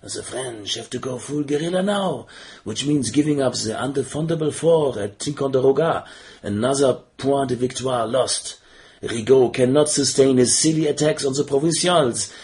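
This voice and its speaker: A man's voice: medium pitch, darkish tone. A man narrating a board game session recap in a playful, mock-dramatic way, teasing the players and dropping in French phrases.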